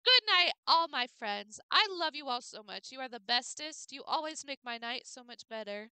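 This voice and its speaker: A woman's voice: on the high side, animated, normal speed, bright, forceful tone, clean tone, no room sound. A young woman streaming a game late at night, chatting casually with viewers, bubbly and playful, tripping over names and laughing. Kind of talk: casual live-stream chat while gaming.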